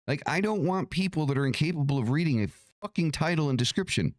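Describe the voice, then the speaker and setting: A man's voice: fairly high pitch, expressive, quick pace, hardly any pauses, no echo, clean studio sound. A man hosting an occult livestream, ranting in a casual, profane, irritated way, with many restarts.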